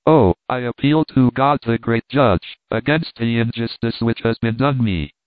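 A doomed young woman prisoner speaks in a low, soft voice, frightened yet tender, as a male reader puts her on. The sound is tinny and narrow, like a phone line, with a dry, close feel. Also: unhurried, dry recording, natural voice. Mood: anguished. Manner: low, soft-voiced, rising to anguished pleas. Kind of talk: audiobook dialogue reading.

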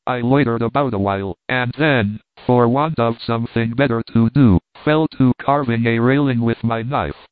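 Male narrator reading a memoir, wry delivery, smooth voice on a thin phone-like line. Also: medium pitch, moderate pace, no room sound. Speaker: audiobook narrator. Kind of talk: reading a travel memoir aloud. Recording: dry, tinny phone-like sound.

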